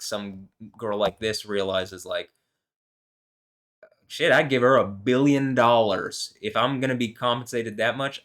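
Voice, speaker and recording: Give me a man with a fairly low voice who reads scripture and rambles profanely between the verses. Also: a bit bright. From United States. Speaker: host. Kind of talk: scripture reading with rambling commentary.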